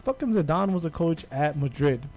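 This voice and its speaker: A man's voice: fairly high pitch, lively intonation, a little fast, a little mellow. A man hosting a casual soccer fan show, bantering in a friendly, slangy way. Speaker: podcast host. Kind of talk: casual sports chat.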